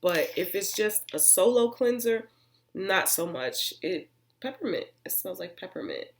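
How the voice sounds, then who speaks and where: A woman's voice: mid-range voice, sing-song, measured pace, slight background noise. A woman vlogger giving a casual, chatty, rambling review of her used-up skincare products. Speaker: beauty vlogger.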